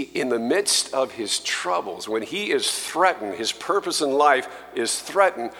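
Male pastor, sermon delivery, slow and emphatic, bright tone, long church reverb. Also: mid-range voice. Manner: slow, emphatic preaching that rises when quoting scripture. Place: church sanctuary.

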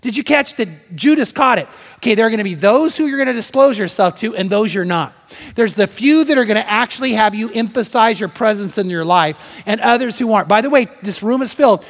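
Animated male pastor preaching in a hall. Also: high-pitched, brisk. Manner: animated, swings between loud emphasis and hushed storytelling. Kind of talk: sermon. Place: church sanctuary.

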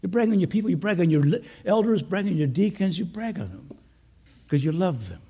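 A male pastor preaching a conference sermon to fellow pastors, swinging between loud urging and soft earnest asides, with joking conversational remarks. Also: sits high, big pitch swings, brisk, slightly rough.

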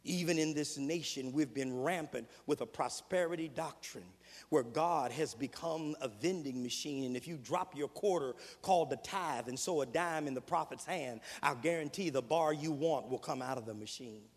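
High-voiced preacher in a reverberant hall. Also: male voice, moderate pace. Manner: builds from quiet, low passages to loud, high-pitched preaching cries. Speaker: preacher, seminary dean. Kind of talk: sermon. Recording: long reverb of a large hall.

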